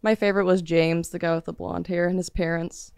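A woman's voice: fairly low pitch, flat delivery, fairly quick, creaky, a little mellow, smooth, no echo, studio quality. A woman co-hosting a podcast, giving short agreeing replies in casual chat. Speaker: podcast co-host.

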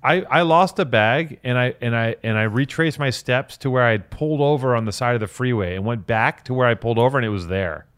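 A man in casual chat, telling stories in an animated, profane way. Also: medium pitch, brisk, hardly any pauses, clean tone.

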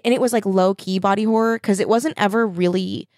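A woman's voice: medium pitch, fairly even intonation, fairly quick, darkish tone, no echo. Woman chatting abt a book, lots of "like", searching for words, dry close mic. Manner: hesitant, lots of "like" fillers. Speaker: book podcast co-host. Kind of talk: casual chat.

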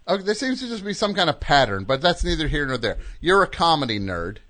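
Deadpan male radio host. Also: fairly high pitch, a little fast. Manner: dry, deadpan interjections. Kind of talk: radio call-in comedy.

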